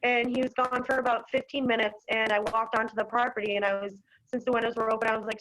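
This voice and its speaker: A woman's voice: on the high side, little pitch movement, quick pace, few pauses, a bit bright, a little hiss or hum, rough recording. Rambling young woman on a video call. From Massachusetts, US. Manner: rambling, many fillers like "like" and "you know". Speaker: dog owner at a hearing. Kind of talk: recounting an incident on a video call.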